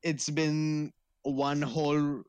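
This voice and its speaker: A young man with a fairly high voice speaks slowly and haltingly, recorded dry and close. His humor is wry and self-mocking as he co-hosts a casual podcast. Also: level tone, a little mellow, clear, resonant tone, dry recording. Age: young adult. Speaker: podcast co-host. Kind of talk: casual chat.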